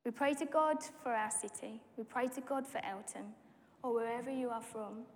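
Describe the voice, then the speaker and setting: A woman preaching a personal testimony sermon, telling the story with lively acted-out dialogue. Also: fairly high pitch, moderate pace. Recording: long hall reverb.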